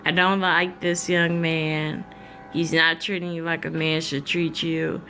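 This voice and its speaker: A woman voicing her father in a told story, speaking slowly and with measured disapproval. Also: sits low, little pitch movement, pushed and bright, a little hiss or hum, heavily acted. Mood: stern. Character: stern but caring middle-aged father.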